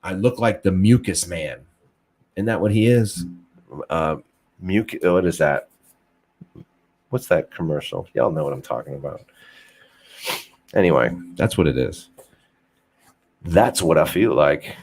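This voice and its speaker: Casual podcast host, young man with a low voice, loose and rambling, profane, self-mocking humor. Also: animated, a little slow, long pauses, a little mellow. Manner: swears freely, rambling, self-deprecating. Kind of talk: casual unfiltered chat.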